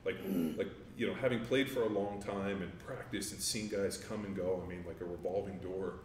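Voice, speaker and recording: A man with a very low, deep voice talks in a loose, rambling way, full of fillers and casual swearing. He sounds a little distant from the microphone, in a roomy space with faint ambient noise behind him. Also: steady tone, normal speed. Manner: laid-back, rambling, with many fillers and profanity. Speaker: guest, former NFL offensive lineman. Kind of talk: casual interview chat.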